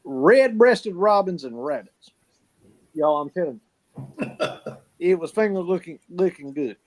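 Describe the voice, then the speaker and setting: A man's voice: sits high, animated, measured pace, a little mellow. A man telling folksy stories in casual chat, swearing freely and laughing often. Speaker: podcast co-host.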